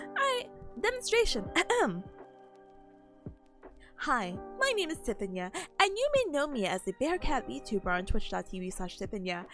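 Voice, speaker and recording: Giggly young woman streamer, high voice that bounces all over, bit sniffly, soft music behind. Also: big pitch swings, normal speed. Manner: playful, giggly, bubbly. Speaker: VTuber streamer. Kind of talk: casual chat with stream chat.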